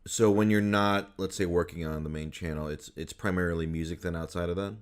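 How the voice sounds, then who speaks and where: Deep-voiced man hosting a podcast. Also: brisk, smooth. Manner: relaxed, rambling, laughs often. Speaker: podcast host. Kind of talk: casual interview chat.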